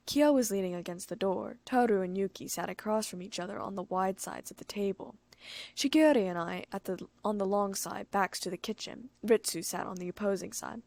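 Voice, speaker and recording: A woman reads a first-person fanfiction aloud in a brisk, plain storytelling voice. Her tone carries a gravelly edge, and the recording sounds close and dry. She lifts her pitch when excited characters speak. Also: no room sound. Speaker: audiobook narrator.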